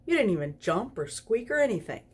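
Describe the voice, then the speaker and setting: A woman's voice: mid-range voice, big pitch swings, fairly quick, breathy edge, voice pushed up. A tipsy woman voicing a sly, teasing male demon in a story reading, amiable and mocking.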